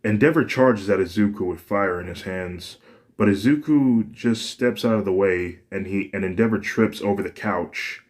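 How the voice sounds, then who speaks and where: A man's voice: lowish voice, normal speed. A man narrating a fan fiction story in a plain, unpolished reading with frequent restarts.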